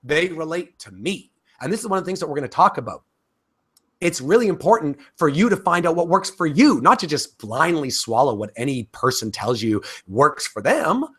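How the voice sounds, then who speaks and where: A man's voice: on the high side, big pitch swings, moderate pace, fairly bright tone, husky. A man teaching a course in a casual, talkative way, with frequent fillers and restarts. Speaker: course instructor. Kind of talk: casual spoken lecture.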